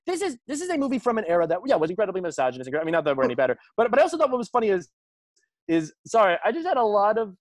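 This is a man co-hosting a film podcast. His pitch swings widely and he talks fast, jumping into quick impressions of movie characters. The sound is dry and close, with no room in it. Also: dry recording. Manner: animated, fast, acts out movie lines in excited voices. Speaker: podcast co-host. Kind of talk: casual chat.

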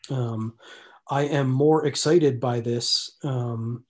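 A man co-hosting a podcast, discussing films in a measured, hesitant way with frequent restarts, over a remote call. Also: medium pitch, fairly even intonation, darkish tone. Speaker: podcast co-host. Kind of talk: casual film discussion.

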